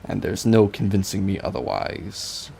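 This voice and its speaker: A man's voice: deep voice, expressive, measured pace, gravelly, noisy background. A young man chatting casually on a drawing stream, rambling and stammering, joking at his own expense. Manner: rambling, self-mocking, stammers with repeated I's. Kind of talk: casual live-stream chat while drawing.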